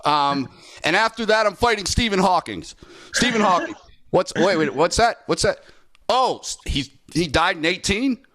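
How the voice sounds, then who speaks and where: A man's voice: high-pitched, expressive, normal speed, fairly bright tone. A man doing a playful impression of a boastful young male celebrity boxer with a swaggering manner. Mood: cocky.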